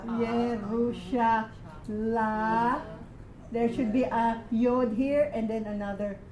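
A woman leads a classroom reading lesson, patient and methodical as she quizzes students one word at a time. Her voice sits a little high, and she takes her time. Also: little pitch movement, slow pace, darkish tone. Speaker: Hebrew reading teacher.

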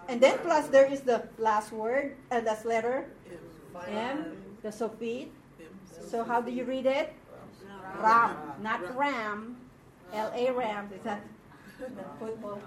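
A woman's voice: on the high side, fairly even intonation, unhurried, a crowd in the background. A woman from the Philippines teaching a class, explaining patiently and checking in with her students. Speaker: Hebrew teacher. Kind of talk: classroom lesson. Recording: echoey room from far off.

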